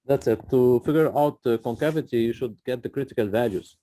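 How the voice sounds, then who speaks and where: A man's voice: mid-range voice, brisk, dark tone, dry recording. A man tutoring a student through a math problem, patient and often checking in with "okay?". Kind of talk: live tutoring session.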